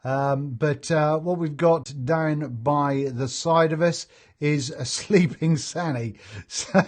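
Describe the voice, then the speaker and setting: The host of a live vaping stream, a man with a fairly high voice, takes his time reading viewer comments aloud. He's chatty and jokey, laughs often, and fills his speech with lots of fillers.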